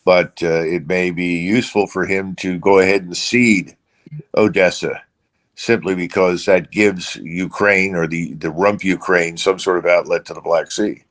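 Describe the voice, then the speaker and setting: A man as a guest analyst, speaking unscripted with measured pacing and frequent hesitant restarts. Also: sits low, fairly even intonation, a bit bright.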